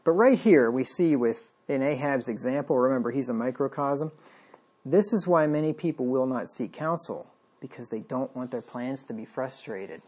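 A man with a husky, mid-pitched voice delivers a sermon in a relaxed, conversational way. He reads scripture aloud, then wryly paraphrases the characters in everyday speech. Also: normal speed. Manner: conversational, wry, acts out the king's lines. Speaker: preacher.

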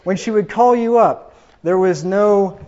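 In a high-pitched, slightly mellow voice, a man speaks at a measured pace, chuckling as he casually recounts rambling family anecdotes. It's personal storytelling on a dull lo-fi recording.

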